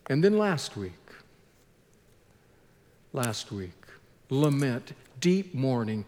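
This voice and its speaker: A man preaching a sermon as pastor, slow and earnest, with heavy pauses between phrases. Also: mid-range voice, sing-song, dark tone, in a large hall.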